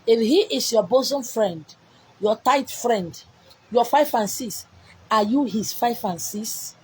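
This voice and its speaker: A woman's voice: fairly high pitch, lively intonation, slow pace, breathy edge, low-quality recording. A woman with a Nigerian accent delivering a spiritual message, repeating herself emphatically and scolding with rhetorical questions. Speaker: spiritual messenger. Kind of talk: preached message to viewers.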